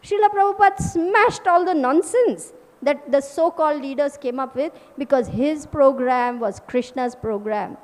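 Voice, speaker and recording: A woman's voice: high voice, moderate pace, darkish tone, big-room sound. A woman teacher giving a scripture class, emphatic and forthright, with rhetorical asides.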